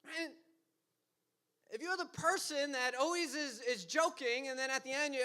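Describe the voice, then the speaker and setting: Young pastor guy, high bright voice, chatty sermon, keeps laughing at himself. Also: normal speed. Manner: laughs often, self-deprecating asides; acts out quoted lines in funny voices. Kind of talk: casual conversational sermon.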